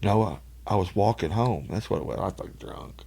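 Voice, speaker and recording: Gravelly man, folksy and profane. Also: lowish voice, a little fast, darkish tone, slight background noise. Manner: swearing, laughs often, folksy. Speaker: podcast guest. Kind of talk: casual storytelling.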